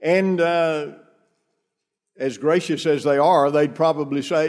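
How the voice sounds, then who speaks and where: A minister delivers a sermon in a church, his voice sitting high for a man. He speaks slowly and deliberately, building his points through rhetorical questions. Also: fairly even intonation, darkish tone.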